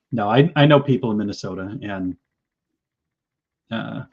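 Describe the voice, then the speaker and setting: A man's voice: fairly low pitch, takes it slowly, creaky, slightly rough, lo-fi sound. A man hosting a live stream, reading out viewer comments and cracking jokes. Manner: wisecracking, reads out viewer comments. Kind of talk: casual live-stream chat.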